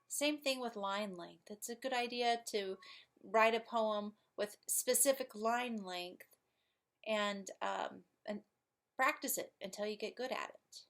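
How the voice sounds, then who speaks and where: A woman's voice: medium pitch, vocal fry, a bit bright. A woman teacher recording a lesson video for her class, explaining patiently step by step and stressing syllables aloud.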